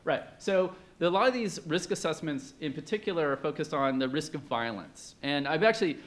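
A man's voice: a little high, animated, a little fast. A man presenting at an academic conference in a conversational way, with many fillers and questions put to the audience.

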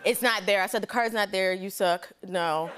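A woman in her thirties, a talk show guest telling an animated story, laughing as she goes and acting out the people in it. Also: mid-range voice, normal speed, slight background noise. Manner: lively, laughing storyteller doing voices. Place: TV studio with live audience.

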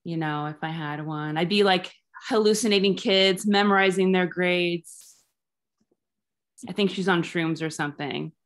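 Deadpan rambling woman comic in her thirties. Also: lowish voice, measured pace. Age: 30s. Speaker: stand-up comedian. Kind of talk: stand-up set over Zoom.

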